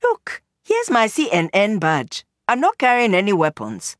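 A woman's voice: medium pitch, wildly swooping pitch, a little slow, dry recording, studio quality, voice pushed up. A woman voicing a charming, easygoing young male journalist in an audiobook, speaking in a playful, teasing way.

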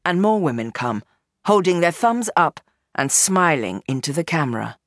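A woman narrating a novel as an audiobook in an expressive, dramatic reading. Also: low-pitched, moderate pace, no echo, clean studio sound. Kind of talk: scripted narration.

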